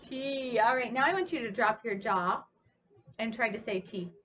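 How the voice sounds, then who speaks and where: A fairly high-voiced woman explains speech sounds in a patient, encouraging way, coaching a young child step by step. The audio is a little muffled, with a faint hiss underneath. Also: expressive, moderate pace, a bit bright. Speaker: speech therapist. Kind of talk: instructional demonstration.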